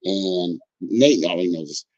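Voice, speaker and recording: Male host, lower voice, unhurried with plenty of "uh"s, dry room. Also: darkish tone, no echo, highs cut off. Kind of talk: casual talk show.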